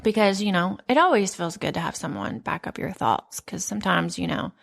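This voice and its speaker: A woman in her thirties hosting a podcast, telling stories in a candid, profane, animated casual chat. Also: lowish voice, fairly quick, creaky. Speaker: podcast host.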